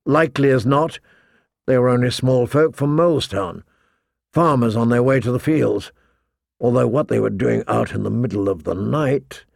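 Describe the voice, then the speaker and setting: Gravelly, measured audiobook narrator, a man. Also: mid-range voice, no room sound, studio quality. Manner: measured, deliberate storytelling. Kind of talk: scripted fantasy narration.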